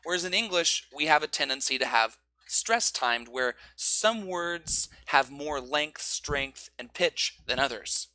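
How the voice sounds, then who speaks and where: A man teaching English pronunciation, explaining stress and rhythm and drawing out example phrases slowly. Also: fairly high pitch, expressive, bright, forceful tone, dry recording.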